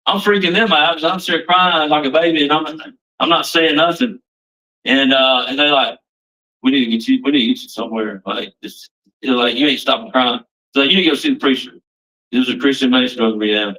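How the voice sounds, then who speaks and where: A man tells his personal testimony in a loose, rambling way, circling back and restarting his sentences. His voice is bright and a little forceful. He sounds set back from the microphone. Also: medium pitch, fairly quick, recorded from a distance, low-quality recording. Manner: rambling, restarts often, casual Southern phrasing. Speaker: testimony speaker.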